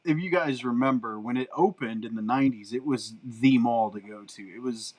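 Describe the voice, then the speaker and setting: A middle-aged man, chatting on a podcast as co-host, an animated storyteller who laughs often. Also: mid-range voice, moderate pace, low-quality recording. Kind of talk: casual chat.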